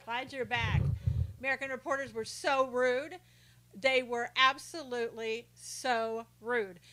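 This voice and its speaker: Bright-voiced woman hosting a live stream. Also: fairly high pitch, steady tone, unhurried. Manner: greets viewers by name, reads comments aloud; indignant about rude reporters. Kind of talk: casual chat with viewers.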